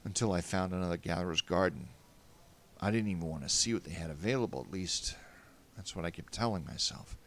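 A man narrating a first-person story in a wry, animated way. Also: low voice, fairly quick.

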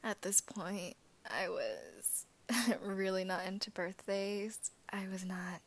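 A woman's voice: mid-range voice, takes it slowly. A woman in a groggy morning voice who has just woken up, giggling often as she talks in a whispered, casual chat with listeners as an ASMR host. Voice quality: raspy. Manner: giggly, laughs often between phrases.

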